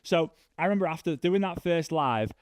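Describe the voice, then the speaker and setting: Animated man telling a story. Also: normal speed, no echo, studio quality. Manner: animated, acts out dialogue with big pitch jumps. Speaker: workshop speaker. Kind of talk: storytelling talk to a live audience.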